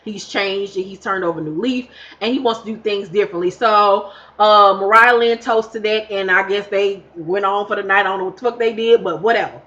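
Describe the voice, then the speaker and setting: A woman's voice: mid-range voice, a little fast, a bit bright, muffled recording. A woman recapping a reality show in a casual vlog, sassy, blunt and full of profanity. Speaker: reality TV reviewer.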